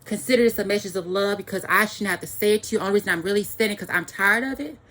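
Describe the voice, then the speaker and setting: A woman's voice: mid-range voice, rapid-fire, fairly bright tone. A woman giving an angry, profane ranting monologue to the camera, repeating phrases for emphasis.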